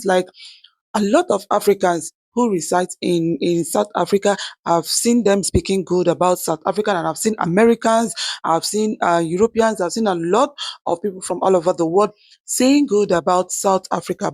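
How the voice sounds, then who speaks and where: A channel host giving measured reaction commentary, often checking in with tag questions. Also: mid-range voice, no echo.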